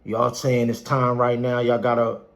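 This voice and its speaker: A man's voice: medium pitch, monotone, moderate pace, fairly bright tone. A man giving an impassioned street speech, quoting scripture and hammering phrases over and over like a preacher. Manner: preacher-like, repeats phrases for emphasis; quotes scripture.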